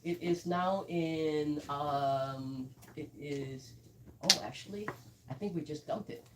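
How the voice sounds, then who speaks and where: A woman's voice: sits low, takes it slowly, darkish tone, recorded from a distance, slight background noise, rough recording. A woman who blends whiskey, chatting through a live tasting and telling stories with quoted asides.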